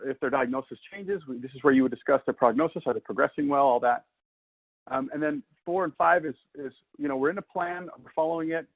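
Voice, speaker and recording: Male presenter, conversational lecturer, husky tone, tinny phone-quality audio. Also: medium pitch. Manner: conversational, explains step by step with fillers. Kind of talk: webinar lecture.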